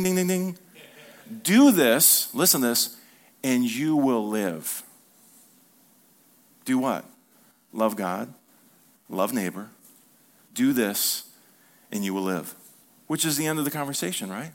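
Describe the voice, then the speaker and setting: Man preaching an animated sermon. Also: medium pitch. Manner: animated preaching with call-and-response; acts out quoted dialogue. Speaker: pastor.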